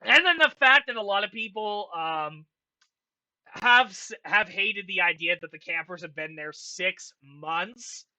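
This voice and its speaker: A young man giving casual, rambling commentary as a channel host, excitable and swearing often. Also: high voice. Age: young adult. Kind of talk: casual commentary ranking a franchise.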